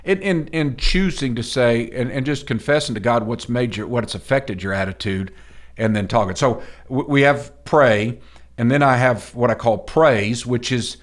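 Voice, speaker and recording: A man's voice: mid-range voice, normal speed. A middle-aged man co-hosting a motivational podcast, talking in a folksy, emphatic, preacher-like way. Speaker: podcast co-host.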